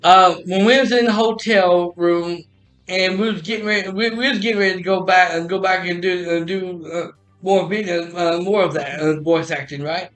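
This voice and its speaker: A man's voice: sits high, fairly even intonation, normal speed, fairly bright tone, faint music behind. A man telling a personal story in a casual, rambling way, often restarting and repeating "I said.".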